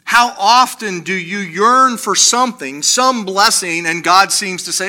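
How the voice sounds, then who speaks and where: A man preaching a sermon, animated, acting out the voices he quotes and slowing to quiet emphasis on key lines. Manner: animated, acts out quoted voices with rising pitch. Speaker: pastor.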